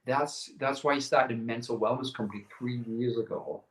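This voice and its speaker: A man's voice: mid-range voice, fairly even intonation, normal speed, a bit bright. A middle-aged man telling a personal story in a casual interview, acting out quoted dialogue and repeating words as he goes. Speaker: guest. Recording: echoey room.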